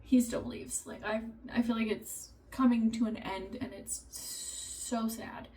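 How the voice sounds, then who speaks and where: Here a fairly high-voiced woman in her thirties, mother to three kids, shares family anecdotes on camera, animatedly voicing what people said. She speaks a little slowly and is far from the microphone.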